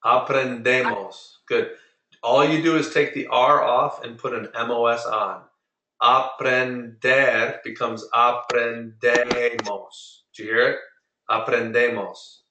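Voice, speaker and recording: A man teaching Spanish to a small group over a video call, patiently drilling and repeating words slowly. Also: medium pitch, a bit bright, echoey room, far from the mic, a little hiss or hum, low-quality recording. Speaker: Spanish tutor. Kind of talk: online group lesson.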